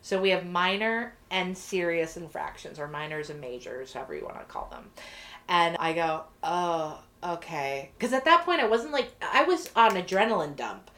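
Lower-voiced woman telling a lively story. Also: normal speed. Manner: lively, swears freely, acts out quotes. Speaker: podcast guest, corrections treatment provider. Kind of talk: casual storytelling.

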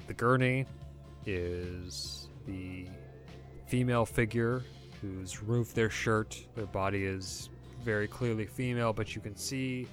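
A man narrating as game master of a tabletop game, relaxed and halting with frequent fillers. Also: lowish voice.

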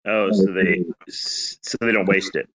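A man hosting a casual audio chat, crudely teasing the other speaker with deadpan jokes. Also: low voice, unhurried.

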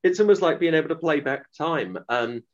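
Here is a man, somewhat higher-voiced than most, who recounts an episode earnestly and at length. He often stops and restarts mid-sentence. The recording sounds dull and lo-fi. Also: animated, fairly quick. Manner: earnest, rambling with restarts and acted quotes. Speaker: author guest. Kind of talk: interview storytelling.

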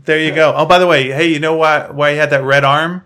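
A man's voice: a little high, fairly even intonation, fairly quick, pushed and bright. A man co-hosting a podcast, recapping a film in a rambling, sarcastic way with mocking asides. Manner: sarcastic, rambling storytelling with mock quotes. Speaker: podcast co-host. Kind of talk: casual film-recap chat.

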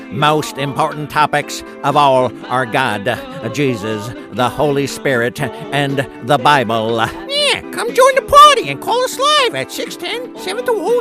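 A man doing an impression of a goofy, excitable slapstick comedian in a radio promo. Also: extremely high pitch, heavily acted. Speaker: promo announcer. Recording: music bed behind.

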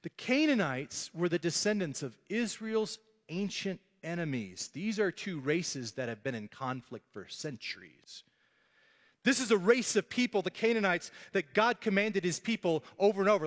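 Preaching in a large hall, this male pastor has a high-pitched, expressive voice at normal speed. He narrates his sermon's story with animation, voicing the people in it.

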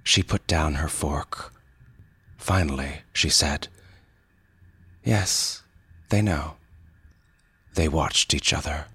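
A man narrating a short story in a deliberate, even storytelling manner. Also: extremely low pitch, husky, no echo. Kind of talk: scripted narration.

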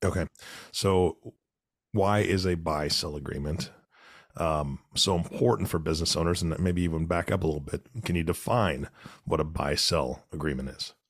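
A man co-hosting a podcast while hoarse from illness, relaxed and joking as he asks questions. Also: rumbling low, moderate pace, dry recording, studio quality. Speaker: podcast co-host. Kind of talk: casual chat.

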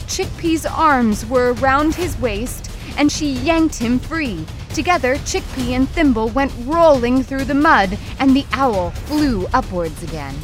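A woman narrating a storybook in a slow, dramatic and suspenseful way. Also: on the high side.

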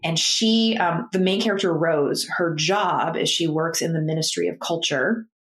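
A woman's voice: on the low side, normal speed, roomy sound. A woman chatting casually about books as a podcast co-host, rambling with many fillers and restarts. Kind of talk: casual book chat.

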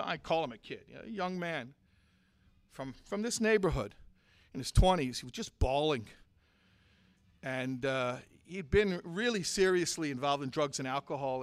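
A man teaching and preaching to a community audience, moving from hushed storytelling to forceful, impassioned exhortation. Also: medium pitch, dry recording. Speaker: Torah teacher and speaker.

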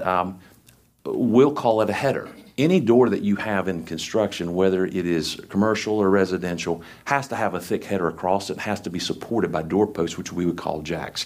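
A man preaching a sermon, reading scripture aloud and then explaining it with folksy, down-to-earth asides and emphatic repetition. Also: low voice. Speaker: lay preacher.

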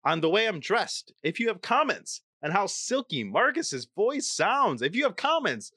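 A man's voice: sits high, sing-song, moderate pace, pushed and bright, dry recording, clean studio sound. A man co-hosting a podcast, talking in a hammy, theatrical way. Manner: hammy, theatrical put-on host voice. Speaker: podcast co-host. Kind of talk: casual chat.

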